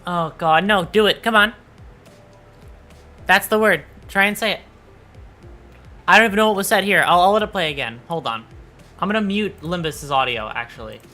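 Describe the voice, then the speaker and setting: A man's voice: high voice, expressive, moderate pace, pauses often, pushed and bright, soft background music. A man streaming live, chatting casually and teasing his viewers, with playful swearing. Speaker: VTuber streamer.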